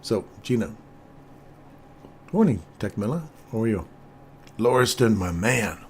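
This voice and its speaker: An older man talks casually through a live trading session, chatting with viewers between remarks on the charts. His voice sits low, and a faint background noise runs under the recording. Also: unhurried. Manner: chatty, laughs often, animated when storytelling. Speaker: trading stream host. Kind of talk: casual live-stream commentary.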